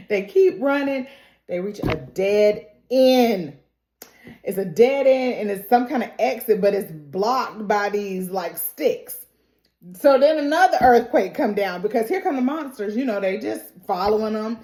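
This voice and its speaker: Woman recapping a show, super animated, jumpy pitch, echoey room. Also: measured pace. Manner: animated, laughing, acts out quotes. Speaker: TV recap vlogger. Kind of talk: casual recap and reaction. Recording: roomy echo.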